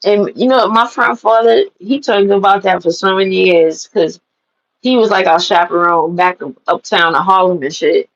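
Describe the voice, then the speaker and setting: A woman telling animated, profane personal stories to the camera and laughing at them. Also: medium pitch, normal speed, highs cut off. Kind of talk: casual storytelling to camera.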